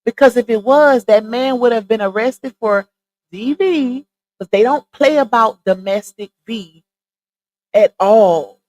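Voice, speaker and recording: A woman with a Southern Louisiana accent hosting a live stream, chatting casually and straight to her viewers on a boom-arm mic. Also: a little slow, a little mellow, lo-fi sound. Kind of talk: casual chat. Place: home streaming setup. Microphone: side-mounted boom arm mic.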